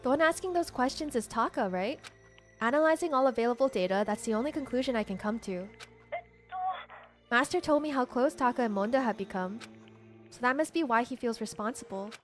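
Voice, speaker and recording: A woman reading as a polite, gentle AI program. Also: on the high side, brisk, soft background music, lightly acted. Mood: earnest. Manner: earnest, analytical. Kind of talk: reading game dialogue aloud.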